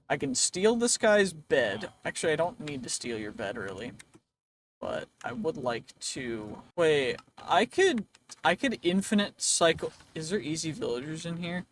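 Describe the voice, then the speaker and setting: A man's voice: fairly high pitch, fairly bright tone, slight background noise. A man hosting a let's play, talking to himself in a rambling, playful way as he goes, his voice a bit worn. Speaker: gaming channel host.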